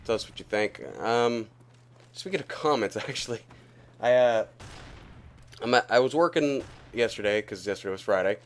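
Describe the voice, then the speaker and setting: A man's voice: mid-range voice, moderate pace, long pauses. A young man giving casual, profane gameplay commentary, rambling and laughing at his own stories while coughing as he recovers from being sick. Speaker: gaming YouTuber.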